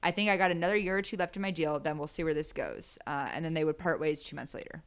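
A woman's voice: sits low, quick pace, smooth. A woman hosting a podcast, chatting casually, joking and reading quotes aloud. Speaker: podcast host. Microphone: podcast microphone.

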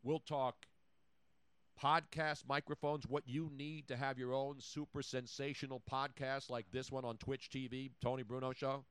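A man's voice: medium pitch, level tone, normal speed, few pauses, clear, resonant tone, no echo. A man hosting a podcast in casual banter, jokey and boastful, riffing from topic to topic. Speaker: podcast host.

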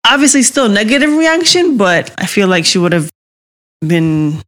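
A woman's voice: medium pitch, big pitch swings, moderate pace, a bit bright. A woman candidly sharing a personal story, earnest and insistent, often repeating herself to make her point.

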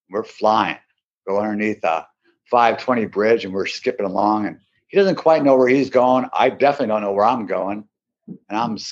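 A man, a podcast guest, telling a long casual anecdote and acting out the people in it. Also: on the low side. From Seattle area. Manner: animated anecdote, acts out quoted voices. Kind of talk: casual storytelling. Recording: dull lo-fi sound.

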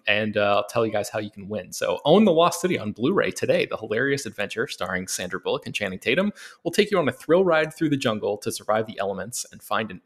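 A man hosting a film news podcast in a relaxed way, with many ums and uhs. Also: fairly low pitch. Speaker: podcast host and film editor. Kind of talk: casual podcast chat with read ads.

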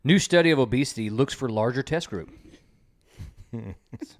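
A man's voice: mid-range voice, lively intonation, moderate pace. A man hosting an informal home quiz game, reading jokes aloud and chuckling at them, with a loose style full of fillers. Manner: chuckles at his own jokes. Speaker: quiz host.

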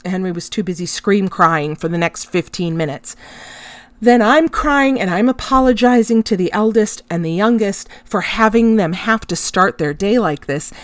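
A middle-aged woman tells a personal story on her podcast, candid and emotional, cursing freely as she goes. She speaks slowly, with plenty of pauses. The recording is dry and close, with no room sound. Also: fairly low pitch, no echo. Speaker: podcast host.

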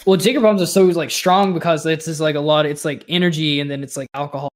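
A man's voice: on the high side, fairly even intonation, fast. A tipsy man in a casual chat with a friend, rambling with lots of filler words and giggling.

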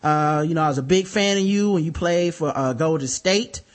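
Young male co-host, somewhat high voice, loose and profane, rambling chat with plenty of fillers. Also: normal speed. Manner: laid-back, rambling, profane, with many fillers. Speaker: podcast co-host. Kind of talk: casual podcast chat.

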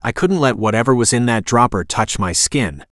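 Audiobook narrator, male, mid pitch, steady first-person storytelling, dead-dry booth sound. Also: moderate pace, no room sound.

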